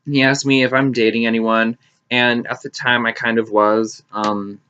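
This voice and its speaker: A young man telling a story in casual vlog style, animated and sarcastic, swearing freely and jumping into high mocking voices for quotes. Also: normal speed, clean tone. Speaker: vlogger. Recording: slightly dull lo-fi audio.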